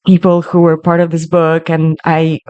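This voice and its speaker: A woman chatting as a podcast guest, talking in a halting way and searching for her words as she recounts a project. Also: low-pitched, completely flat delivery, clean tone, dry recording, dull audio. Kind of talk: casual interview chat.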